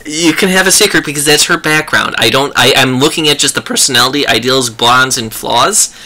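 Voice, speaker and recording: A man's voice: medium pitch, brisk, bright, forceful tone. A man running a tabletop game as game master, chatty and often laughing.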